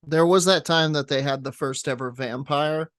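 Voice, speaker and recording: A man's voice: a little high, normal speed, a bit bright, no room sound. Jokey man on a dry podcast mic. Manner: jokey, riffing, playful voices. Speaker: podcast co-host. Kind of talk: casual comedy chat.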